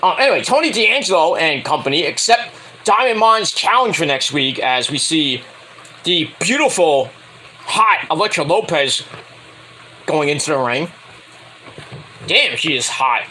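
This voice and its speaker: A man giving a rambling, casual spoken review of a wrestling show, excitable and swearing freely. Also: a little high, unhurried, pauses often, slight background noise, poor audio.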